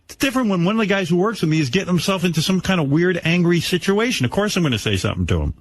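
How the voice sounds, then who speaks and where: A man's voice: high voice, animated, rapid-fire. A man in his fifties hosting a radio show, talking bluntly and with plenty of profanity in casual banter. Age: 50s.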